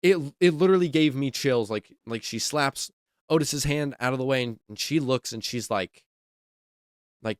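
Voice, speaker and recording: Excitable man, dry close sound. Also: mid-range voice, normal speed, clear, resonant tone, dry recording. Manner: enthusiastic, leans on "like" and repeats himself. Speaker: wrestling podcast host. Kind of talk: casual opinion commentary.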